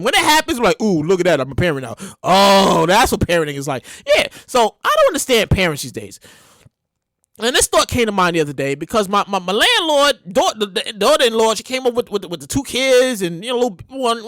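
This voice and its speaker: A man hosting his own podcast, ranting loudly and hyperactively with plenty of swearing, and acting out other people in shouts. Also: very high-pitched, no echo, clean studio sound. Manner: loud, hyper and animated, with profanity; acts out quoted people in shouts. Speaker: podcast host. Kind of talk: solo podcast rant.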